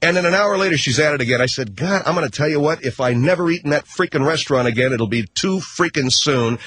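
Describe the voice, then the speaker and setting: A middle-aged man telling a story on the radio in an animated, slangy way. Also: on the high side, fast talker, slightly rough. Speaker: radio host. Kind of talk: storytelling monologue.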